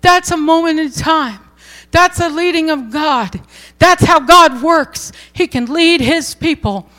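A middle-aged woman preaching a sermon, telling a story earnestly and voicing the quoted words softly. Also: high-pitched, slow.

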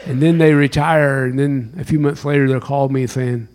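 A man giving a sermon as a chaplain, with dramatic storytelling, sudden loud bursts and hushed whispers. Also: medium pitch, steady tone, normal speed.

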